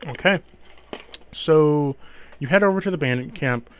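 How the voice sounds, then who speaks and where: A young man acting as game master, describing scenes and calling for dice rolls in a relaxed way. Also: fairly high pitch, a little slow, phone-quality sound, a little hiss or hum. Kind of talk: narrating a tabletop game.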